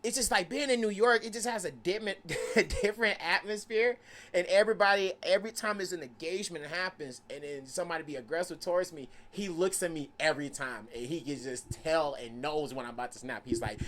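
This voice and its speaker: A young man, a podcast guest, telling a lively story and acting out the people in it. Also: a little high, brisk. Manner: lively, acts out quoted voices, laughs often. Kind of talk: animated storytelling.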